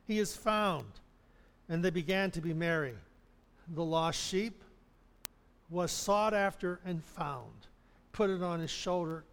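A man's voice: high voice, fairly bright tone, clean tone. A man preaching a sermon, retelling a parable and acting out the characters' complaints with frequent chuckles. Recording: long hall reverb.

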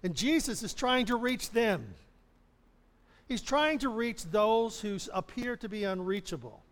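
A man's voice: high-pitched, animated, a little slow, fairly bright tone. A man preaching a sermon, retelling a parable and acting out the characters' complaints with frequent chuckles. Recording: long hall reverb.

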